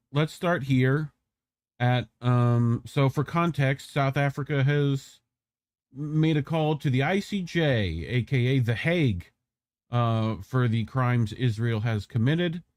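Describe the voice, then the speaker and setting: A man's voice: mid-range voice, takes it slowly, darkish tone, no echo. A man casually commenting on clips in a loose, joking, profane manner. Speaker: show host reacting to clips.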